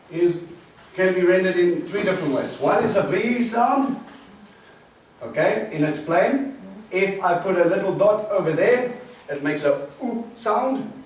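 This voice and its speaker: Man, Bible teacher, fairly high voice, quizzes the class, very echoey room, distant mic. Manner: explains Hebrew words, quizzes the class. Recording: roomy, distant mic with faint hiss.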